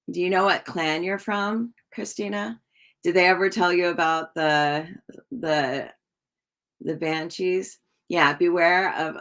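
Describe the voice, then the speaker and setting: Woman, tarot reader, casual live-stream chat, slow talk, gravelly low voice. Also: fairly bright tone. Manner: chatty, reads out viewer comments and answers them; slow and drawn-out with many ums.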